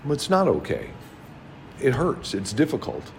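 A man's voice: medium pitch, wildly swooping pitch, normal speed, slight background noise. A man preaching a sermon, teaching a class and asking his listeners many rhetorical questions.

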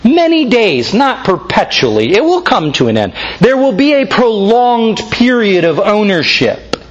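Guy preaching a sermon, pretty high voice, earnest, leans hard on key words. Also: sing-song, muffled recording. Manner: earnest, emphatic preaching with slow stressed phrases. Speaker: pastor.

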